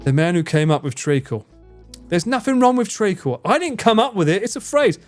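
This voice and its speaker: A man with an Essex accent, streaming live and bantering with his chat. His pitch jumps around a lot and sits a little high for a man, and he swears and laughs freely. Faint music plays under him. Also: brisk. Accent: English, Essex. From England. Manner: swears a lot, laughs often, animated and teasing.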